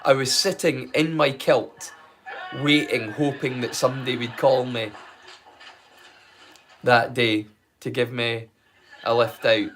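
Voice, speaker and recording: A man's voice: medium pitch, fairly even intonation, takes it slowly, pauses often. A Scottish man from Scotland, chatting casually on a live stream, swearing freely and laughing often.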